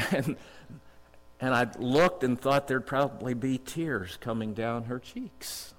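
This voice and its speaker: A middle-aged man preaching a sermon in a church, earnest and storytelling, slowing down to read scripture. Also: mid-range voice, fairly bright tone. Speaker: district superintendent preaching. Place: church sanctuary. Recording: long church reverb.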